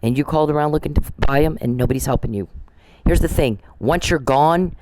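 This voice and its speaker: A man's voice: a little high, fast talker, background noise. Scornful, profane man ranting. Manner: scornful, mocking, profane, repetitive. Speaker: podcast host. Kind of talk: angry monologue addressed to an absent person.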